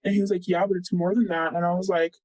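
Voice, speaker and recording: A man's voice: high voice, flat delivery, quick pace, a little mellow, dry recording, rough recording. A young man in his late teens, telling a personal story in a loose, rambling way full of fillers. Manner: rambling, heavy on "like" and "blah blah". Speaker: interviewee. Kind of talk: casual retelling.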